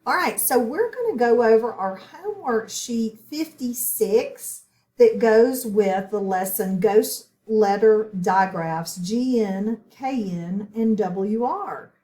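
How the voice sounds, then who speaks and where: A woman walks learners through a phonics worksheet, speaking very slowly and repeating each word with care. Her voice sits a little high for a woman. The room around her is echoey. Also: expressive, mellow. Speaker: phonics teacher. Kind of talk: slow, deliberate phonics lesson.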